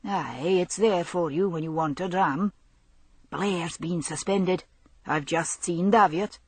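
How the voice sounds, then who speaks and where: Earnest young policeman, read by a woman narrator, low and husky, audiobook. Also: slow, darkish tone, no echo. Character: young Highland police constable, man, easygoing.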